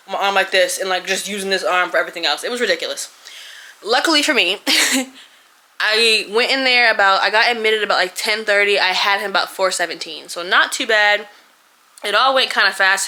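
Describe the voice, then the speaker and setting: A young woman, telling a story to camera in a casual, animated way. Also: mid-range voice. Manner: animated, expressive storytelling with laughs and quoted voices. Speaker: vlogger.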